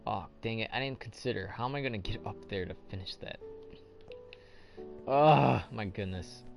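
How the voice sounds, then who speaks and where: A man's voice: on the low side, moderate pace, creaky, faint music behind. A young man hosting a casual gameplay commentary, rambling and asking himself questions as he plays. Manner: rambling, thinks aloud, self-questioning. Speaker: let's play host.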